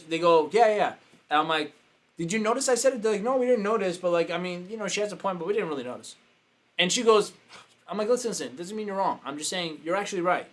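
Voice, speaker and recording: Animated storytelling coach, man. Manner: animated, acts out quotes with sudden pitch jumps. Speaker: business coach. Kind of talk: casual storytelling.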